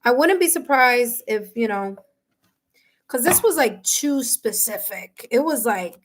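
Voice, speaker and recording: A woman reading tarot live for her viewers, talking warmly and emotionally, with many fillers and restarts. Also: a little high, animated, unhurried. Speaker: tarot reader and medium. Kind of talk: live-stream reading, casual chat with viewers.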